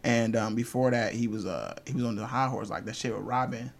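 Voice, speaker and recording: A young man in casual chat, rambling through stories, swearing freely and quick to laugh. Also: medium pitch, gravelly.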